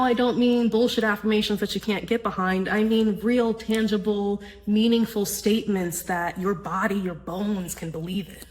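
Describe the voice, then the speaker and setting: A woman's voice: mid-range voice, low-quality recording. A woman hosting a spiritual self-help podcast, talking in an earnest, casual way with a frequent "right?" and the odd swear word. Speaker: podcast host.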